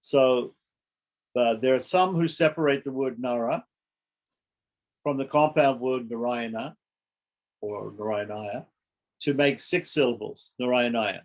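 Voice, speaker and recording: A man teaching a scripture study class, explaining carefully, repeating points and often checking that listeners follow. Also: medium pitch.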